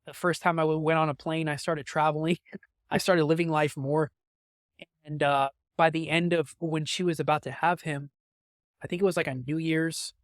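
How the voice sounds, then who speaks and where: A young man's slightly high voice, recorded dry and close with no room sound. He tells a candid personal story as a podcast guest, halting and full of restarts and fillers. He is openly moved and emotional as he talks. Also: little pitch movement, no echo.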